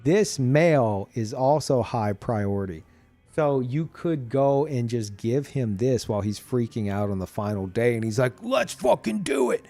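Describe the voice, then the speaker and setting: A man streamer chatting casually about a video game, animated and profane, laughing often. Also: medium pitch, a little slow, soft background music.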